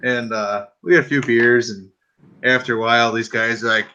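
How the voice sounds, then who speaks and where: A man's voice: medium pitch, moderate pace, lo-fi sound. A man from Wisconsin, casually telling a story to friends on a podcast and swearing freely. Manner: animated, acts out others' voices, swears freely.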